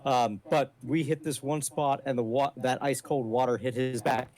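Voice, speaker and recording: A man's voice: mid-range voice, fairly even intonation, moderate pace, a little mellow. A man telling a casual anecdote with slangy fillers on a livestream chat. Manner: laid-back, uses slangy fillers.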